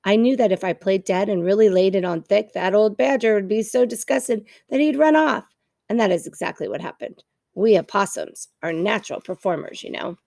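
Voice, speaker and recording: A woman's voice: medium pitch, animated, a little fast, creaky, a little mellow, no echo, clean studio sound. Woman playing a gushing theatrical opossum. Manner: dramatic, gushing. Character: theatrical chatty female opossum, a born ham.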